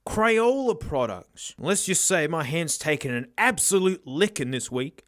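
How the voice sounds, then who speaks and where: A young man doing a sarcastic, animated unboxing review, breaking into shouts and laughs. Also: a little high, normal speed. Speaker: tech reviewer.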